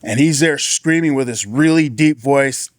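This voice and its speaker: A man shares a personal testimony in a plain, middle-pitched voice, telling it casually with frequent restarts. He bumps his pitch up when he quotes others. The sound is dry and close, with little room echo. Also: unhurried. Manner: earnest, casual storytelling with many restarts. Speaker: former sheriff's deputy sharing testimony.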